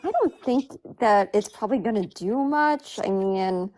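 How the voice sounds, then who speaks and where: A woman's voice: medium pitch, expressive, a little slow, darkish tone, faint music behind. A woman chatting on a phone live stream, giggly and gushing, filling her talk with "like". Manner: giggly, gushing, fills speech with "like". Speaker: livestream guest. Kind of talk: casual livestream chat.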